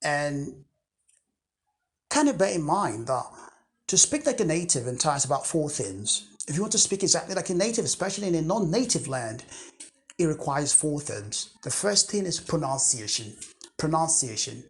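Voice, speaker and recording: A coach speaks in an unscripted talk to camera, pitched at an ordinary middle height. The delivery is earnest and emphatic, with key words said twice. Sentences often restart partway through. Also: big pitch swings, moderate pace. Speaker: English accent coach.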